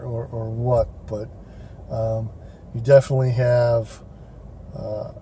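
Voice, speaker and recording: A man tells a story in a loose, rambling way, with lots of fillers, restarts and pauses. His voice is mellow and relaxed. A faint hum of ambience sits behind him in the car. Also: mid-range voice. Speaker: rideshare driver vlogger. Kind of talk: casual storytelling.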